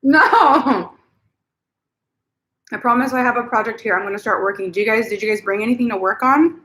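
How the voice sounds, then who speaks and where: A woman's voice: fairly high pitch, brisk, fairly bright tone. A woman hosting her first crochet livestream from home. She talks casually and giggles a lot while eating, through a computer camera mic. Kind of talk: casual live-stream chat.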